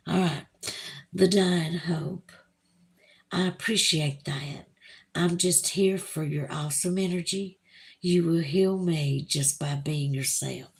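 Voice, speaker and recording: A woman's voice: sits low, slow pace. A woman with a Southern US accent hosting a livestream, reading viewer comments aloud in a gushing, emotional, chatty way. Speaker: livestream host. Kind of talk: casual live chat reading viewer comments.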